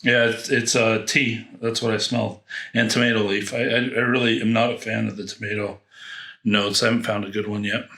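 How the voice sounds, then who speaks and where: Bright-voiced man, rambling, in echoey room. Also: lowish voice, level tone, normal speed, creaky. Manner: rambling, thinks aloud with restarts. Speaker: fragrance reviewer. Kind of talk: casual unboxing review.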